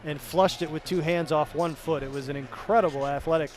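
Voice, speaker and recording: A man's voice: fairly high pitch, steady tone, brisk. A male sports announcer giving a postgame wrap-up, rattling off player stats in a chatty, self-correcting way. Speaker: play-by-play announcer.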